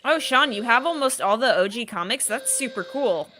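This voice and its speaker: A woman's voice: fairly high pitch, animated, sharp tone, soft background music. A woman co-hosting a podcast, bantering playfully while watching a video game. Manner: playful, quick comebacks. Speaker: podcast co-host. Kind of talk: casual live-stream chat.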